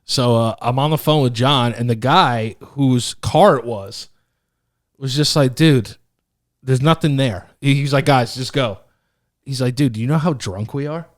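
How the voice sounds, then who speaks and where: A man's voice: mid-range voice, a little slow, no echo, clean studio sound. A man co-hosting a podcast, chatting casually, reacting and swearing. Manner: laid-back, profane, chiming in and reacting. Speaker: podcast co-host. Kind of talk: casual chat.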